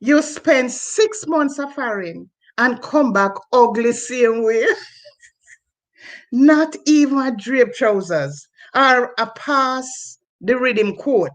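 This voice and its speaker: A woman's voice: on the high side, pitched above the performer's own voice. A woman with a Jamaican accent reciting dialect verse, voicing a parent who shames a son returned from abroad, over a video call. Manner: rhythmic, scolding dialect verse.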